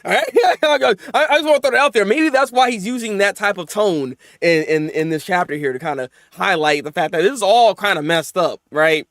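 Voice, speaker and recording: A man hosting a live manga reaction, talking in casual slang, often laughing and swinging between mumbled asides and loud excited outbursts. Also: high-pitched, fairly quick, few pauses, no room sound.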